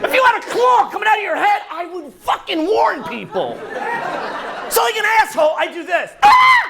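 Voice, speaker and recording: A man performing a profane, animated standup comedy set on a club stage. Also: extremely high pitch, brisk, creaky. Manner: animated, profane, loud bursts over crowd laughter. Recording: live club recording with crowd laughter. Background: audience laughing.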